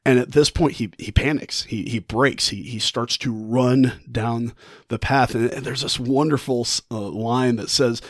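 Man, book vlogger, animated retelling, mid-pitched voice, dry close sound, frequent laughs. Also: unhurried, no echo. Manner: animated, retells the story with mock-quoted thoughts; laughs often and restarts his phrases. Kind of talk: casual book discussion.

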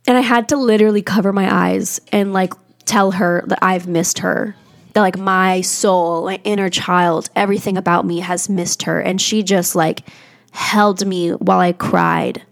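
A woman's voice: mid-range voice, fairly even intonation, normal speed. A young woman hosting a podcast, talking candidly and confessionally in a rambling way, with many "like"s. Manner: rambling and confessional, heavy use of "like". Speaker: podcast host. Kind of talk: candid personal podcast monologue.

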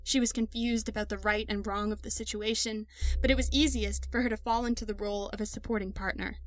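A woman narrating a dark story in a measured, dramatic storytelling manner. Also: medium pitch, steady tone. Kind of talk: scripted narration.

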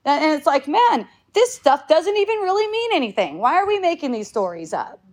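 A woman's voice: high-pitched, very animated, fairly quick, a little mellow. A woman in her fifties talking casually to a group, rambling with restarts, swearing freely and laughing often. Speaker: speaker in a group talk.

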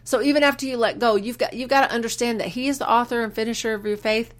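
A woman hosting a faith podcast, speaking earnestly about letting go, quoting scripture slowly and with emphasis, sometimes halting and restarting. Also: a little high, fairly even intonation. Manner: earnest, preacherly, quotes scripture with slow emphasis; halting restarts when moved. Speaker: podcast host. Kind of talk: faith-based personal reflection.

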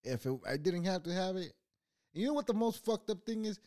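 A man hosting his own channel, ranting casually and profanely, rambling with sudden swings between loud outbursts and quiet mutters. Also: high-pitched, lively intonation, brisk. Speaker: channel host.

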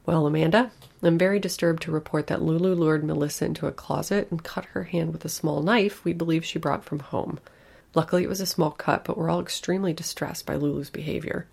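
A woman voicing a stern, formal daycare director who speaks in a measured, grave way. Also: deep voice, steady tone, gravelly, darkish tone, slightly rough, heavily acted.

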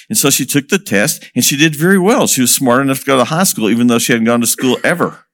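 A man working as a missionary speaker tells a story to an audience, lively, asking questions and chuckling as he goes. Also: medium pitch, quick pace, hardly any pauses.

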